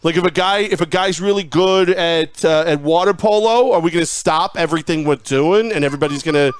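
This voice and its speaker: A man's voice: a little high, a little fast, slight background noise, voice pushed up, natural voice. A man putting on an indignant sports-radio caller. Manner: indignant, ranting rhetorical questions. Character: brash angry male sports-radio caller. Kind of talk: prank call impression.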